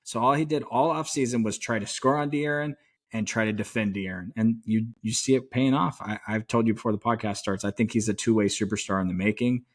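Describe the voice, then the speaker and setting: Excitable man talking sports. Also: lowish voice, a little fast. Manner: excited, rambling fan talk with mild swearing. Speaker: podcast co-host. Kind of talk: casual sports chat.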